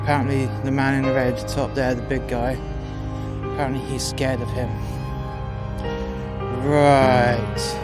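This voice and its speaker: A man recounts a story in a blunt, foul-mouthed, heated way. His voice sits at an ordinary middle pitch, and clear guitar music plays under the narration. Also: level tone, unhurried, long pauses. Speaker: storyteller, former doorman. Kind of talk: profane personal anecdote.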